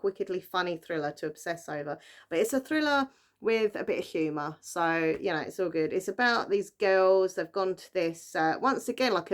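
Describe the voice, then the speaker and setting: Chatty young woman. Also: lowish voice. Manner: chatty, rambling, lots of fillers and likes. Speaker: book vlogger. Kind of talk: casual book haul chat.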